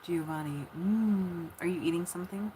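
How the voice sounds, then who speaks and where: A woman livestreaming late at night, chatting softly and giggling with her viewers over a phone mic. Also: lowish voice, moderate pace, background noise.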